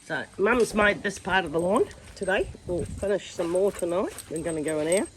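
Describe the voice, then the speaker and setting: A woman's voice: fairly low pitch, moderate pace, slight background noise, rough recording. A middle-aged woman with an Australian accent, chatting down-to-earth as she works outdoors on her farm, filming on a handheld phone. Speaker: farm vlogger. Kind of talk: casual vlog narration.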